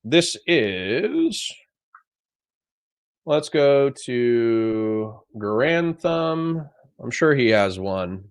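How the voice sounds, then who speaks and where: A man's voice: mid-range voice, very animated, extremely slow, long pauses, clean tone. A man hosting a livestream, reading out chat messages and answering them in a blunt, profane, conversational way. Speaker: livestream host.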